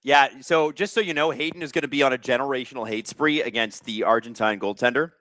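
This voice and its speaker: Talking fast in a pushed, bright, medium-pitched voice with no echo, a young livestream host runs a watch-along. He chats casually, joking as he reads out comments from viewers.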